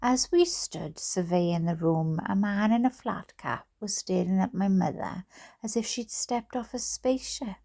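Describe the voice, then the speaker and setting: A woman's voice: mid-range voice, measured pace, creaky, mellow. A Welsh woman reading a bedtime book aloud, breaking off for chatty asides and laughing at her own slips. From Wales. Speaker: storybook reader.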